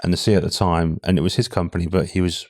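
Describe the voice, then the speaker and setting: A man's voice: low-pitched, little pitch movement, racing, darkish tone, dry recording, studio quality. A British man speaking candidly as a guest in a casual podcast interview, with frequent restarts. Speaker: podcast guest, talent acquisition head.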